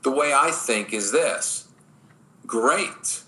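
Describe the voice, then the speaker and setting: Guy dating coach on a podcast, super bright punchy voice, blunt, leans hard on every point. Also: mid-range voice, moderate pace, low-quality recording. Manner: emphatic, blunt, acts out quoted voices. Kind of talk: podcast interview.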